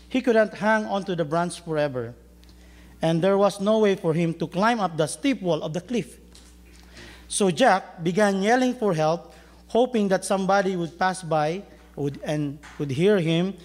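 Pastor guy preaching, fairly high voice, tells stories, jokes with the crowd. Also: darkish tone. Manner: storytelling, joking with the congregation. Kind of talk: sermon.

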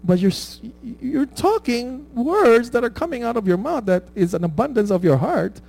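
A man's voice: very high voice, sing-song, moderate pace, gravelly, darkish tone, rough recording. A man preaching a conversational sermon, checking in with his listeners with "right?" and laughing at his own stories. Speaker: pastor.

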